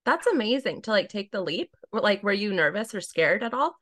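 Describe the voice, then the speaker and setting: A woman co-hosting a podcast with a bright, forward tone. She keeps the chat loose and casual, firing off crude jokes and teasing her co-host. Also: medium pitch, very animated, a little fast.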